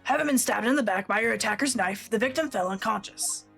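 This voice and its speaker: Woman voicing a gruff male police inspector, gravelly chain-smoker rasp, officious report-style delivery, game character. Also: a little high, fast, a bit bright, soft background music, exaggerated voice.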